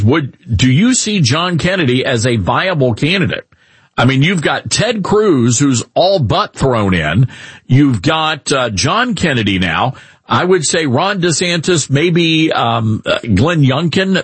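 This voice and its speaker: A middle-aged man hosting a radio talk show, chatting in an animated, joking, rambling way. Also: on the high side, slightly rough, dry recording. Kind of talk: casual opinion talk.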